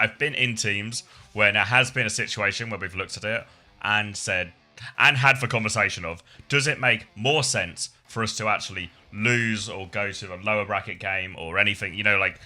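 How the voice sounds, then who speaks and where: Sleepy, swearing caster. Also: male voice, fairly low pitch, moderate pace, sharp tone. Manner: rambling, profane, laughs often. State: tired after little sleep. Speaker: esports caster. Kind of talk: casual commentary chat.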